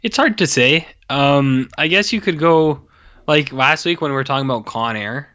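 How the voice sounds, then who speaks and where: A man's voice: fairly high pitch, normal speed, pushed and bright, muffled recording. A man co-hosting a podcast, laid-back and casual, mostly giving short agreeing replies. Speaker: podcast co-host. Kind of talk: casual film review chat.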